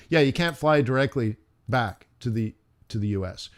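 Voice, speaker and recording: A man's voice: medium pitch, lively intonation, moderate pace. A man hosting a live trading stream, talking in a rambling, chatty way and checking in with his viewers. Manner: rambling, chatty, lots of "like" and "right?". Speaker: forex trading stream host. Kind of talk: casual live-stream chat.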